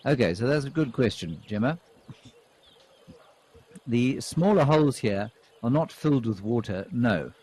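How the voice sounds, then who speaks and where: A man hosting a live wildlife cam show, reading out viewer comments and commenting on animals with relaxed, dry humor. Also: mid-range voice, unhurried, pauses often, breathy edge. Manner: dry, deadpan jokes.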